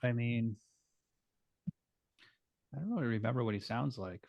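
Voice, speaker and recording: A man from New Jersey co-hosting a film podcast in casual chat, measured and ready to push back. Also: mid-range voice, vocal fry, a little mellow, no echo, highs cut off. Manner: measured, pushes back on others. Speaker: podcast co-host.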